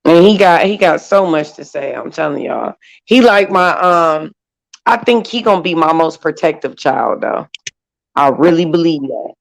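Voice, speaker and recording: Brief: woman in her 40s, panel chat, lively storyteller who acts out quotes. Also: sits low, normal speed, gravelly, rough recording. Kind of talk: casual group chat.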